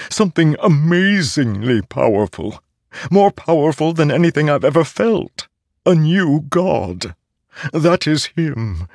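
A man reads an audiobook, voicing an eager, childlike talking sword in a raised, wondering voice that sits above his own natural pitch. The heavily acted delivery is fairly high, creaky, and darkish, recorded at studio quality with no room sound.

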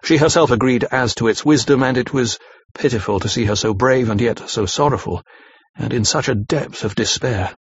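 A man narrating a classic novel in a measured, even reading. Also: medium pitch, husky, no echo. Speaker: audiobook narrator. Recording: slightly dull lo-fi recording.

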